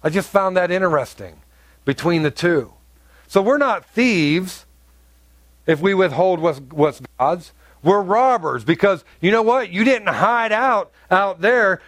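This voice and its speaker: A man's voice: sits high, fairly bright tone, no echo. A male pastor preaching an emphatic sermon, acting out voices in his examples. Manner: emphatic preaching with acted-out dialogue.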